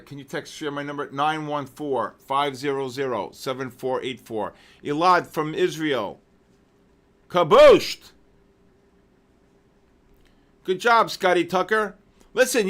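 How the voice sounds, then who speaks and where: A man hosting a live trading session, excitedly shouting out viewers' names with heavy market jargon, then dropping to weary muttering over questions. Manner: drops to low, weary muttering while reading questions. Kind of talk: live trading-stream commentary.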